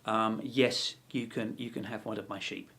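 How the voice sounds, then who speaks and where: A man's voice: fairly low pitch, steady tone, normal speed, vocal fry, fairly bright tone, a little hiss or hum. A man voicing a polite, easily amazed young shepherd boy in a told joke. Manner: polite, gushing.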